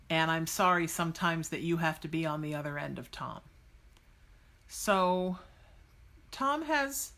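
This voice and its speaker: Her voice is mid-range, bright and pushed as she runs a psychic podcast live stream. Blunt and exuberant, she gushes over her viewers in casual chat, bursting into cheers and snippets of song to encourage them.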